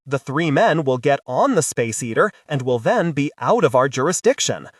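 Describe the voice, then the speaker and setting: A man's voice: mid-range voice, sing-song, normal speed, dry recording, studio quality, far from the mic. A man voicing a blunt, businesslike male boss of a space service in an audiobook. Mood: briefing.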